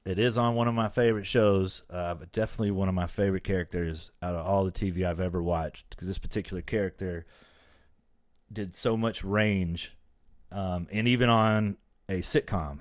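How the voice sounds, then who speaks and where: A man hosting a casual podcast, telling stories in an animated way and acting out the quotes. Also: low voice, dry recording, clean studio sound. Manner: animated storyteller, acts out quotes. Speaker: podcast host. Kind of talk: casual chat.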